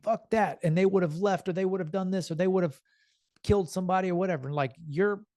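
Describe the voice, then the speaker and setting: A man's voice: high voice, fast, no room sound, studio quality. A man talking to the camera in a casual motivational vlog, telling a story earnestly and acting out the people in it. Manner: earnest, animated storytelling with quoted voices. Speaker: self-improvement vlogger.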